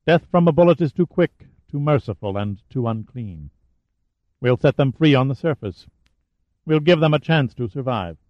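A man voicing a menacing giant man who speaks in a quiet, cold, deliberate way. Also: medium pitch, lively intonation, dry recording, highs cut off, lightly acted.

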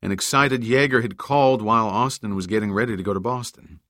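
This is scripted audiobook narration by a man with a lowish voice and an even, deliberate reading pace. The studio recording is clean, and there's no audible room sound.

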